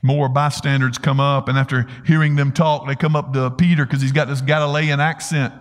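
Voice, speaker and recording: Earnest preacher in an echoing hall. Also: male voice, mid-range voice, little pitch movement, a little fast. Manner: earnest retelling, rhetorical questions. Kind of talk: sermon storytelling. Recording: long hall reverb.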